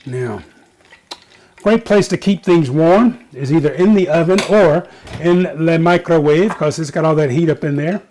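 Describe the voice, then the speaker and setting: A man's voice: a little high, unhurried, mellow, slight background noise. A man hosting a casual home cooking show, chatting to viewers and joking at himself as he cooks in his kitchen.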